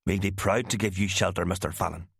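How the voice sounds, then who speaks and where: A man voicing an adoring young woman who speaks in an eager, breathy way, read as an audiobook. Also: sits low, fairly even intonation, fast talker, a bit bright, no echo, clean studio sound, heavily acted.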